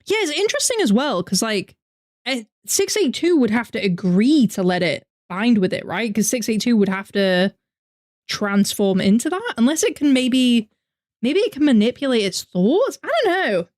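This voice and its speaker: A woman's voice: on the high side, sing-song, normal speed, a little mellow. A young woman with a northern English accent, chatting animatedly on a live reaction stream and answering her chat. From north of England. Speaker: VTuber streamer.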